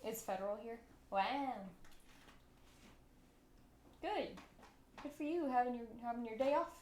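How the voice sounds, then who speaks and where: A woman's voice: a little high, expressive, measured pace, a little mellow, echoey room, a little hiss or hum. A woman chatting casually with her stream while baking in a home kitchen, giggly and talkative. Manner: chatty, giggly, talks to chat.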